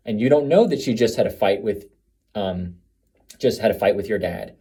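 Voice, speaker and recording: A man's voice: on the low side, expressive, normal speed, mellow, husky. A man giving a reflective, conversational monologue to camera, asking many rhetorical questions. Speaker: video speaker on family dynamics.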